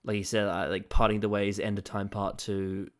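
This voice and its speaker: A man with a low voice co-hosting a casual podcast. He rants animatedly, swears freely and laughs at his own outbursts. His talk stays loose and conversational. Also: level tone, normal speed. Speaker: podcast co-host. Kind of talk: casual chat.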